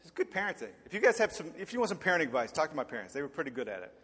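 A man in his forties preaching, telling a story in an animated, humorous way and acting out the voices. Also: fairly high pitch, rapid-fire, slightly rough, in a large hall. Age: 40s. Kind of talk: storytelling sermon.

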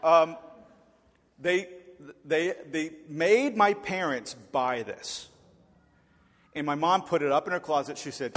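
A man in his forties preaching, telling a story in an animated, humorous way and acting out the voices. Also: on the high side, slow pace, long pauses, in a large hall, slight background noise. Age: 40s. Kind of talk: storytelling sermon.

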